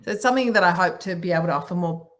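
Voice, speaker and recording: Woman, middle-aged, warm and encouraging guest on a video call. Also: fairly low pitch, racing. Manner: warm, encouraging, playful with her voice. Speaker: guest speaker, singer and author. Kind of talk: casual online talk answering questions.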